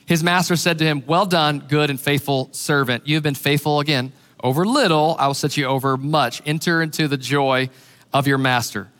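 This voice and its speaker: A man preaching a sermon as pastor, animated and acting out the voices he quotes. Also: a little high, moderate pace, in a large hall.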